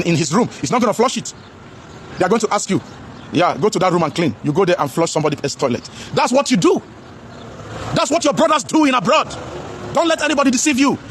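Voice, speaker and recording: There's slight background noise as a man with a Nigerian accent, his voice very high, preaches loudly in a vlog commentary. Repeating himself, he addresses his viewers as brothers and blends Pidgin into his English.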